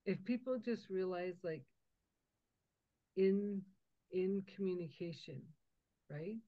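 A woman hosting a conversational interview, telling stories with lively acted-out dialogue. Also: fairly low pitch, slow. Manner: animated storyteller, acts out quoted dialogue. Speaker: podcast host. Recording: dull lo-fi audio.

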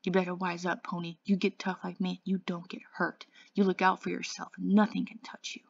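A woman voicing a reckless, volatile teenage boy, talking louder and more urgently than her narration, sometimes hissing. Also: mid-range voice, steady tone, fast, no room sound, close to an everyday voice. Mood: raving. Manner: louder, urgent, at times hissed. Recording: dull lo-fi dry audio.

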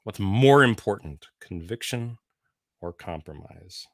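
A middle-aged man, a musician guest in a casual interview, answering thoughtfully and telling jokes with a wry, deliberate timing. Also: lowish voice, animated, no echo, studio quality. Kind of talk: casual conversation.

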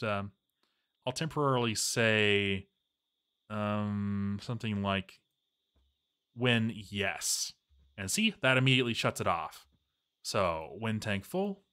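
Bright-voiced man chatting over gameplay. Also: on the low side. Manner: rambling and playful, chatting to viewers. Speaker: game commentator. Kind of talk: casual gameplay commentary.

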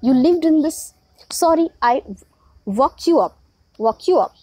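A woman's voice: high voice, animated, unhurried, a little mellow, no echo. A woman reading as a scared polite little boy. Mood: apologetic.

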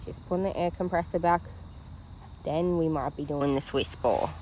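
This dog daycare worker has a low-pitched, warm voice and speaks at a moderate pace. Holding her phone camera in the outdoor play yard, she narrates casually and praises the dogs in a cooing, sing-song way, with a little background noise present.

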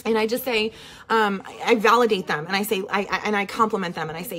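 A network marketing coach speaks casually to the camera from home, with children nearby, in a bubbly, chatty manner and a constant "okay?" to check in. Her medium-pitched voice is fairly bright, quick-paced, and fairly even in intonation.

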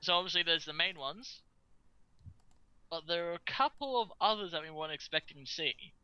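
A man's voice: on the high side, lively intonation, bright, forceful tone, clear, resonant tone, dry recording, highs cut off. A man co-hosting a casual podcast, reading out the news with many ums and frequent laughs. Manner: halting, full of ums and uhs, laughs often.

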